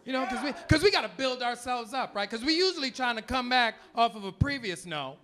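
A man performing a loud, animated, profane stand-up comedy routine on a comedy club stage. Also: extremely high pitch, brisk, very noisy. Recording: live club audio with crowd laughter.

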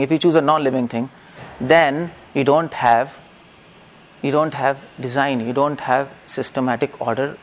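Gravelly preacher. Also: male voice, mid-range voice, a little mellow. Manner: rhetorical questions to the audience, with tag questions. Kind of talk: lecture-style religious discourse.

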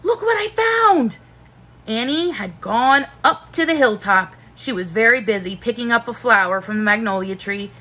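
A woman teacher narrating a children's book aloud in a slow, expressive storytelling manner. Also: medium pitch, poor audio.

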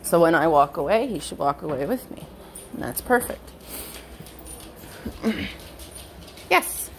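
A woman dog trainer explaining a training session in casual narration at home, switching between high bright praise for her dog and low quiet explanation. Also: lively intonation, a little slow, a little hiss or hum. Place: indoors at home with pets.

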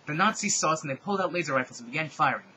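A man giving a comedic dramatic reading of a fan fiction, mock-serious with sarcastic deadpan asides. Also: on the high side, very fast, a little hiss or hum, low-quality recording.

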